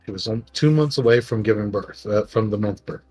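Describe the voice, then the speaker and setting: A man's voice: fairly low pitch, fairly quick, a little mellow, breathy edge, soft background music. A middle-aged man, a podcast co-host, telling a long family story in rambling, emotional casual chat.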